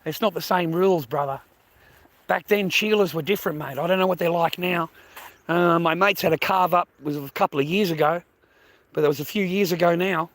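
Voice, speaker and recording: A man's voice: on the high side, fairly even intonation, a little fast, fairly bright tone. An Australian man livestreaming a rambling casual monologue, crude and profane, repeating himself and calling his viewers mate and boys.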